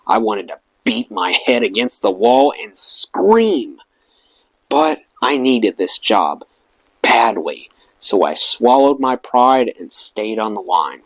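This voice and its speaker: A man's voice: medium pitch, big pitch swings, slow, creaky, no room sound. A man reading a memoir aloud for an audiobook channel, telling it expressively. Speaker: audiobook reader.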